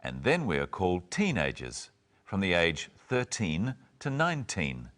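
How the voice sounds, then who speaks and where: A man's voice: deep voice, measured pace. A man co-hosting a scripted English lesson, expressively acting out example phrases and replies. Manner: expressive, acts out example exchanges. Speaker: English teacher, co-host.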